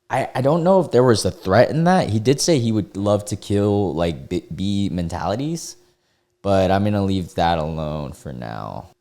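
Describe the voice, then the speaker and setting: A young man with a fairly low voice hosts his channel, reading messages out in a flat deadpan. He breaks off into sarcastic, disbelieving comments about what he has just read. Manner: incredulous, sarcastic asides with frequent laughs. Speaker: YouTuber reading Reddit posts. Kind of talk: comedic reading and reaction commentary.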